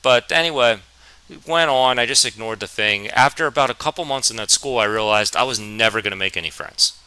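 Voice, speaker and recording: A man's voice: medium pitch, bright, forceful tone, clear, resonant tone, dry recording, poor audio. Stammering young man from New Jersey. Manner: stammering, halting, self-deprecating. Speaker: vlogger. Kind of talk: storytime vlog.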